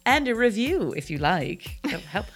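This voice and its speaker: A woman's voice: medium pitch, sing-song, moderate pace, faint music behind. A woman from New Jersey co-hosting a casual local events podcast, reading listings and laughing often. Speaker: podcast co-host.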